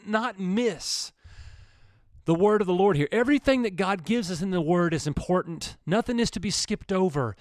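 Male preacher, lively emphatic delivery, dry close recording. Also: high-pitched, dry recording. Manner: animated, building emphasis with repeated words. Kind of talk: sermon. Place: church or studio program.

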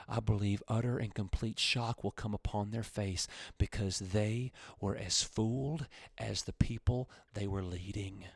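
A male pastor preaching a radio sermon, his voice swelling loud and high, then dropping low and quiet. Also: fairly even intonation, unhurried, gravelly, few pauses, breathy edge, dry recording.

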